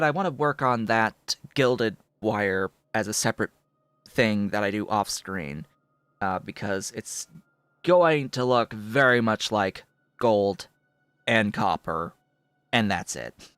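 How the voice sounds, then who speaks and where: A man streaming a game, explaining its mechanics out loud in casual commentary, thinking through them with fillers as he goes. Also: lively intonation, slow, long pauses, smooth, no echo. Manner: coos to his cat in a soft high voice between explanations.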